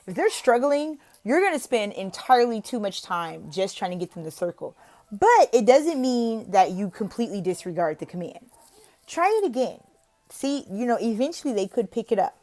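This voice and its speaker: A woman teaching online, explaining interview tips in a chatty way and switching to an exaggerated, gasping teacher voice in her demos. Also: mid-range voice. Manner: lively, exaggerated teacher voice in the demos, with gasps and drawn-out questions; chatty, uses fillers like "like" and "you know". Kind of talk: casual tutorial with demo teaching.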